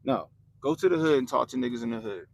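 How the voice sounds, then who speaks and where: A young man hosting a livestream, ranting bluntly and profanely about politics to his chat in animated slang. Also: mid-range voice, quick pace, creaky, rough recording. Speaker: livestream host.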